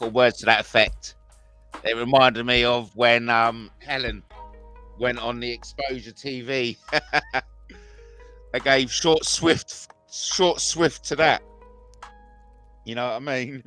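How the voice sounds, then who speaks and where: Male livestream host, unhurried and chatty, bright edgy voice, comments on clips with chuckles. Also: mid-range voice, steady tone, clean tone, faint music behind. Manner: rambling, chuckling, mimics clips in mocking voices.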